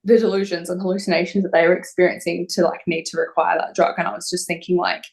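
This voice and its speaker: A young woman telling a personal story in an interview, halting and emotional with many fillers. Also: on the low side, flat delivery. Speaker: interview guest.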